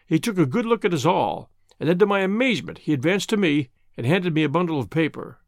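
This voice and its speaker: A male narrator reads a story in a lively voice, his pitch moving up and down freely. His tone carries some gravel, and the recording is dry and close. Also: quick pace, no echo. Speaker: audiobook narrator. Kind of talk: scripted narration.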